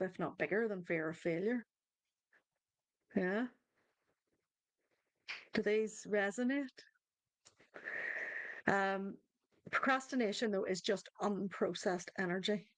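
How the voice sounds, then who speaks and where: A woman's voice: mid-range voice, slow pace, pauses often, dry recording. A woman hosting a live online coaching circle, talking conversationally, restarting her sentences and addressing viewers in the chat. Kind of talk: live-stream group coaching talk.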